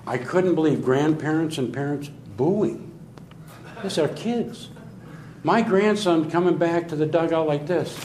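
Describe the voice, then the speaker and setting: A man's voice: on the high side, a little slow. An older man, a sales trainer, telling funny stories to an audience and acting out the characters' voices. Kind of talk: humorous storytelling talk to an audience. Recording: echoey room with faint noise.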